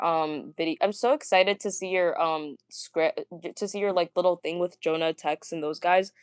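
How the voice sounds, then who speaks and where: A young woman talking casually, ranting to viewers, stammering and repeating words, with a fairly deep voice for a woman. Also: lively intonation, a little slow, clean tone, no room sound, studio quality. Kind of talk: casual rant.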